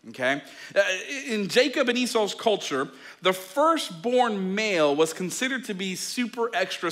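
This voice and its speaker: A male pastor who preaches a sermon, tells the story in a lively way, and talks straight to his listeners. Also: high voice. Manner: animated storytelling, acting out scenes; addresses listeners directly.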